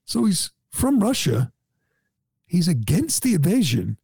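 A man's voice: sits high, huge pitch swings, measured pace, gravelly, mellow, husky, dry recording. A man hosting a talk show, ranting in an indignant, sarcastic way. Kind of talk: opinionated talk radio chat.

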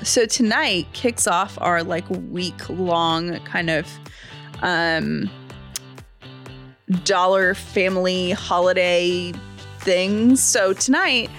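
A woman's voice: on the low side, drawn-out words, fairly bright tone, faint music behind. A woman in her thirties co-hosting a podcast, chatting casually and reading out fun facts with frequent laughs. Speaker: podcast co-host. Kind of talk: casual chat.

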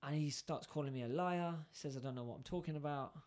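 British man telling a lively anecdote. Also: a little high, fast talker. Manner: animated storyteller who acts out both sides of conversations. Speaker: podcast co-host. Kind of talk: casual chat, telling an anecdote.

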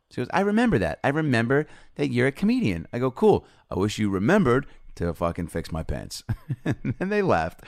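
A comedian and podcast host tells a casual story animatedly, swearing freely and acting out both sides of the exchange. His voice is medium-pitched, recorded at studio quality with no echo.

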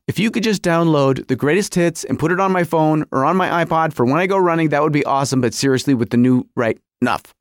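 A man's voice: a little high, fast, few pauses, no echo, clean studio sound. A middle-aged man hosting a podcast, telling a comic story about his marriage with exaggerated quoted voices. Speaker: podcast host.

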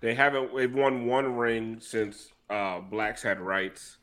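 A man's voice: mid-range voice, flat delivery, slow, a bit bright, slight background noise. A man on a sports podcast, joking and emphatic, often restarting his sentences. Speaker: podcast panelist. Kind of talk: casual sports chat.

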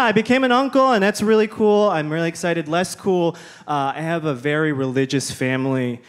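A young man doing a stand-up set in a club, wry with hesitant fillers. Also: a little high. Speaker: stand-up comedian. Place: comedy club stage. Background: audience laughter.

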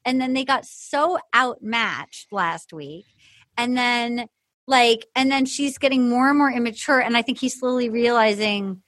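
A young woman co-hosting a podcast, recapping a dating show in animated casual chat and acting out what people said. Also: a little high, dry recording. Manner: animated storyteller, acts out quotes. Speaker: podcast co-host.

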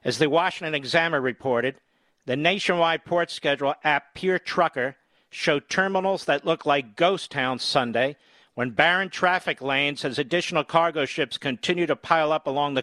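A middle-aged man hosting a talk radio show, reading articles aloud with sarcastic commentary and squeaky mocking impressions. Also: pushed and bright, dry recording. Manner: mocks people with high, squeaky put-on voices.

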